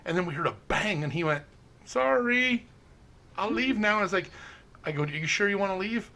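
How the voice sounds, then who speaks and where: A man with a slightly higher voice recounts a ghost hunt in casual, animated storytelling. He acts out the quotes and laughs as he goes. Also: quick pace. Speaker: paranormal investigator.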